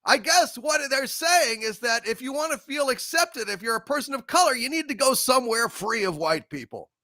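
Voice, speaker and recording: A man's voice: very high-pitched, expressive, moderate pace, bright, forceful tone, dry recording. A man hosting a review panel, ranting furiously with heavy profanity and stammering restarts. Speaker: channel host.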